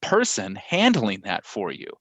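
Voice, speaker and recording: Animated man in casual chat. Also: fairly low pitch, measured pace, no echo. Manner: animated, laughs often, acts out examples.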